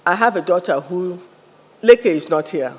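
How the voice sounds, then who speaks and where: Rousing high-voiced Nigerian man in a hall. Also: lively intonation, moderate pace, darkish tone, faint music behind. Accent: Nigerian English. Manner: fiery, fires questions at the audience. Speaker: conference speaker. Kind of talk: rousing motivational address. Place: large event hall. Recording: long hall reverb, faint ambience.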